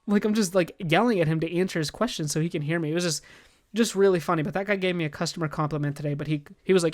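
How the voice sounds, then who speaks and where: A young man co-hosting a podcast, telling a work story in casual chat, animated and swearing freely as he acts out both sides of a conversation. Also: on the high side, racing. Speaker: podcast co-host.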